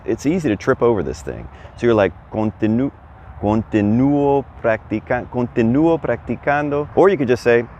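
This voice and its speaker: A man's voice: fairly low pitch, lo-fi sound, a little hiss or hum. A man giving a casual, chatty video lesson as a Spanish teacher, quizzing the viewer and encouraging them. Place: outdoors. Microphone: camera on a stand.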